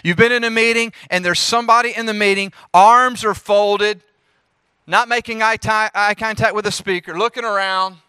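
A man in his thirties with a Southern US accent, giving a lively, preacherly leadership talk to a youth group and speaking straight to the audience. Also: high voice, moderate pace, clean tone, dry recording, clean studio sound. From Jackson, Mississippi.

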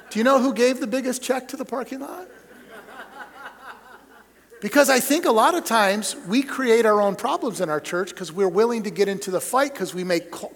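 High-voiced preacher in a reverberant hall. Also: male voice. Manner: storytelling, emphatic then dropping to soft asides. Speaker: denominational superintendent preaching to pastors. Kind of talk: sermon.

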